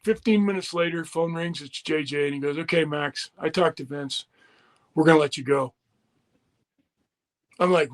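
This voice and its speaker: Higher-voiced man telling a profane story. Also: normal speed. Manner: profane, animated storyteller acting out quoted dialogue. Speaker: retired wrestler guest. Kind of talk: candid storytelling interview.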